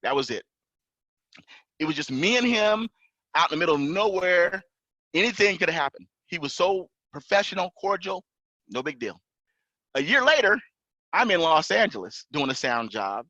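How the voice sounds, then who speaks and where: A man tells a long story on a podcast, his voice bright and forceful and swinging widely in pitch. He acts out the other people in the story, getting loud when he quotes them. The sound is dry and a little dull, like a lo-fi podcast recording. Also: normal speed, pauses often, no echo. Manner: animated, acts out officers' lines in raised voice. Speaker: podcast guest, pilot and entrepreneur. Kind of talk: casual storytelling.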